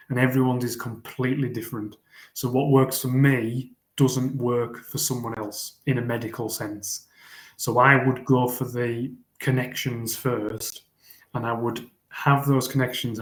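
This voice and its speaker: A man, a guest in a casual interview, who speaks earnestly and rambles, often repeating words as he thinks. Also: mid-range voice. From England. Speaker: guest, fell runner. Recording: roomy echo.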